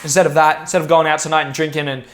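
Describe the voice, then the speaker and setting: A man's voice: on the high side, flat delivery, rapid-fire, fairly bright tone. A young man talking straight to camera in a rambling, profane, intense and emphatic monologue. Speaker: vlogger.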